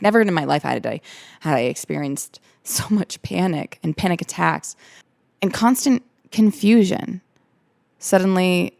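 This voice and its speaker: Young woman podcast host, low voice with vocal fry, earnest personal storytelling, dry close sound. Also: darkish tone, no echo. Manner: earnest, candid, repeats herself for emphasis.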